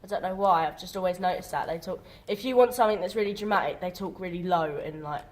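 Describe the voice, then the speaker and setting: A woman's voice: on the low side, fast. A woman drama student talking casually in a group discussion, chatty and full of fillers.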